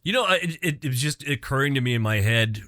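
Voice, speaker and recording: A man's voice: mid-range voice, lively intonation, fast talker, sharp tone, no room sound, studio quality. A man co-hosting a podcast in easygoing casual chat, often answering with short agreements. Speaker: podcast co-host.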